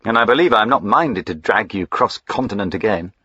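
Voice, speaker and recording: A man's voice: lowish voice, lively intonation, brisk, pushed and bright, slightly rough, no room sound, muffled recording, heavily acted. A man voicing a moody, short-tempered young aristocrat with a clipped, sardonic way of speaking. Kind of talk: audiobook character voicing.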